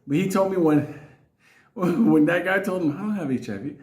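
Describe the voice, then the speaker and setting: A man's voice: high-pitched, moderate pace, darkish tone, echoey room. A man telling a crude story casually, laughing often and acting out other people's lines. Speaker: storyteller host.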